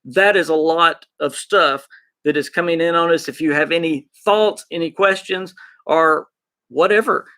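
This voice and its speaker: A man with an Arkansas Southern accent hosting a gaming podcast, chatting excitedly and rambling as he talks to his live chat. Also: a little high, normal speed. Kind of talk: casual live-stream chat.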